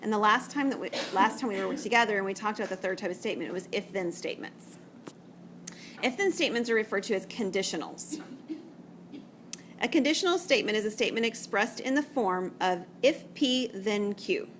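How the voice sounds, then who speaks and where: A woman teacher talks a class through a math lesson, chatty and patient, often checking in with her students. Her voice sits in a middle pitch. A faint hiss of background noise runs under the classroom recording. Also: animated, brisk, fairly bright tone. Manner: chatty, explains step by step with frequent "okay?" checks. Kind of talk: classroom lecture.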